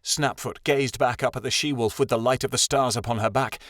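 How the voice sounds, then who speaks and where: A man reading a fantasy audiobook aloud as narrator, in a steady, even storytelling read. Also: mid-range voice, brisk, no room sound, studio quality.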